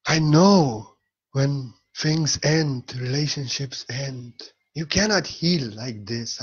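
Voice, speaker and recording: A man's voice: medium pitch, slow, slightly rough, lo-fi sound. A man giving an earnest spiritual talk in a vlog, repeating key phrases for emphasis. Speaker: spiritual teacher.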